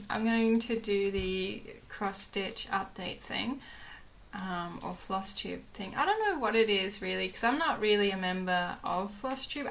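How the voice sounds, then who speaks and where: A young woman talks to her camera in a small room at home, chatty and rambling, full of fillers. Her voice is bright and clear. She slips into little acted-out quotes of what people said. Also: mid-range voice, a little hiss or hum. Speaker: vlogger. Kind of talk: casual chat to camera.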